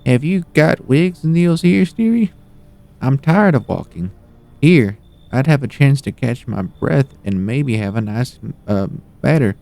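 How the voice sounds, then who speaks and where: A man doing a high, sweet old granny. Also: expressive, a little slow, gravelly, darkish tone. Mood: sweetly rambling. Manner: sweet, folksy, calls everyone dearie. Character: elderly chatty grandmotherly woman, weary wanderer. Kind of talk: voicing game dialogue on a live stream.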